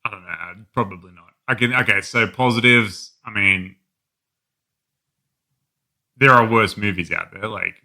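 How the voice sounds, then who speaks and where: A man co-hosting a casual film review podcast, bluntly critical and quick to laugh. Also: fairly low pitch. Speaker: podcast co-host. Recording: quiet, softly recorded audio.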